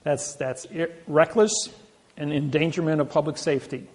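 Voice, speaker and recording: A man telling boastful stories to an audience, animated, with many restarts. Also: on the high side, moderate pace. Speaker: seminar speaker. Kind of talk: storytelling talk to an audience.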